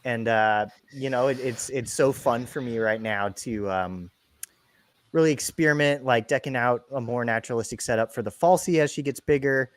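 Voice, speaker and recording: Guy co-hosting a podcast, excited, lots of ums, dry close sound. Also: medium pitch, moderate pace, dry recording. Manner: enthusiastic, filler-heavy. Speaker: podcast co-host. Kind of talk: casual chat.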